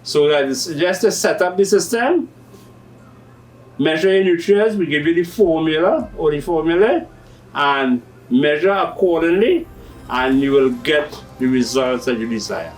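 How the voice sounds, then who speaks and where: Speaking a little slowly and expressively in a fairly high voice, a middle-aged Trinidadian man who owns a hydroponics shop explains how his hydroponic systems work on a farming TV show. He's patient and uses local turns of phrase. The low-quality recording was made from a distance, and faint music plays behind him.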